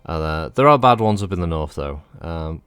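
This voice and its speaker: A man's voice: low-pitched, animated, normal speed, a bit bright, smooth, no room sound, faint music behind. A man giving casual, rambling commentary as he streams a game, swearing freely.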